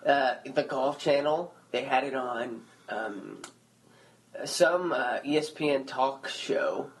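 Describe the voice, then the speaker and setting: A man's voice: medium pitch, takes it slowly, poor audio. A man, a stand-up comedian, chatting as a podcast guest and acting out little stories. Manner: animated storyteller, acts out other people's lines. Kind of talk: casual chat.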